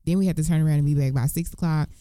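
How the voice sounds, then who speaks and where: Low-voiced, easygoing woman. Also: fairly even intonation, very fast, mellow, no room sound, clean studio sound. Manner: easygoing, laughs along, short backchannel replies. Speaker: podcast co-host. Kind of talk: casual chat.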